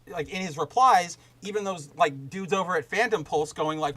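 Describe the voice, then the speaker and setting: A rough recording captures a podcast host whose voice sits high and moves a little fast. Chatting casually alongside a live chat, he goes on animated, profanity-heavy rants, loose and rambling with fillers and restarts.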